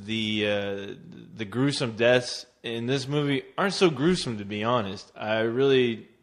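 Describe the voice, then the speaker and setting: A man's voice: medium pitch, a little slow. A man hosting a casual movie review podcast, mock-outraged and laughing as he talks. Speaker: podcast host.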